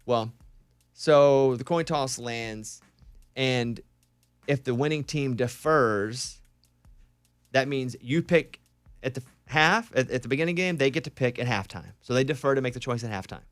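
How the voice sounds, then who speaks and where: A man hosting a casual morning radio show, telling animated stories and acting out shouted quotes. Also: mid-range voice, normal speed, no room sound, studio quality. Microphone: studio microphone.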